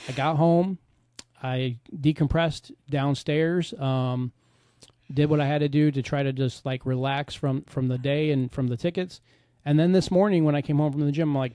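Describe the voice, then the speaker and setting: A man's voice: fairly high pitch, steady tone, moderate pace, warm tone, no echo, clean studio sound. A man in casual podcast chat, talking candidly and bluntly, swearing freely.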